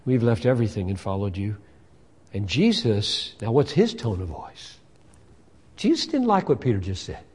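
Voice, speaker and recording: A man preaching a sermon, emphatic and expressive, often acting out the voices in the passages he reads. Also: fairly low pitch, normal speed, husky, in a large hall.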